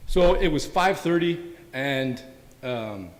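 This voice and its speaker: A man's voice: mid-range voice, lively intonation, slow pace. A man from Canada, a police officer on a community panel, telling stories in an earnest, anecdotal way and often ending lines with "right?". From Windsor, Canada. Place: event hall. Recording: long hall reverb.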